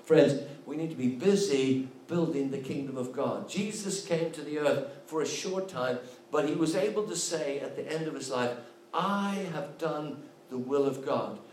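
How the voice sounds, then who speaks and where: Emphatic preacher in an echoey hall. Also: male voice, a little high, normal speed, darkish tone, a little hiss or hum. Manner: emphatic preaching with repeated refrains. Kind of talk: sermon. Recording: echoey room, voice from a distance.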